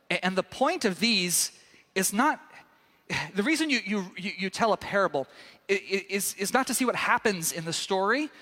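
A man preaching a sermon as a pastor, an animated storyteller who acts out the characters with sudden loud bursts. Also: high-pitched. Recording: echoey hall with long reverb.

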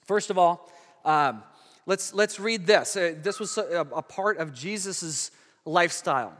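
A man preaching a sermon in a conversational way, stumbling over restarts and dropping to a hush for emphasis. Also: sits high, measured pace. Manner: conversational preaching with frequent restarts, dramatic hushed drops. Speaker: pastor. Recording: long hall reverb.

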